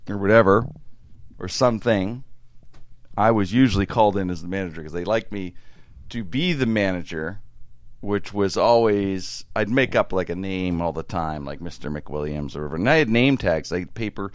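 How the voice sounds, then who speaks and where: A man's voice: low voice, moderate pace, no echo. A man telling stories in a casual chat, laughing often and acting out voices.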